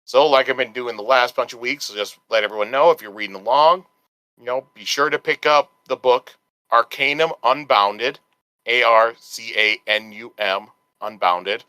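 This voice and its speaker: A man's voice: medium pitch, bright, forceful tone, clean tone, dry recording, poor audio. A man co-hosting a podcast in casual chat, explaining things in a rambling way with restarts. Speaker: podcast co-host.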